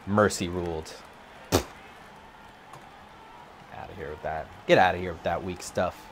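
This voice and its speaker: A man commentating live on his own video game play from an empty office, excitable, his voice jumping high when he gets worked up. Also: a little slow, background noise.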